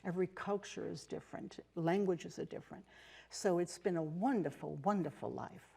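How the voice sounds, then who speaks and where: A woman's voice: lowish voice, normal speed, vocal fry, slightly rough. An older woman with an American accent, telling stories as a TV interview guest, with fillers and restarts. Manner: warm storytelling with fillers and restarts. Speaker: interview guest, nun and teacher. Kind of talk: casual interview talk. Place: TV studio.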